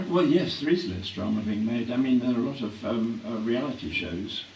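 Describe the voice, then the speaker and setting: An older English man reflecting on his acting career in a live on-stage interview, clearing his throat often as his voice grows hoarse. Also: mid-range voice, animated, moderate pace. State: voice growing hoarse. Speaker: actor being interviewed. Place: hall at a public event. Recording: echoey hall from a distance, faint hum.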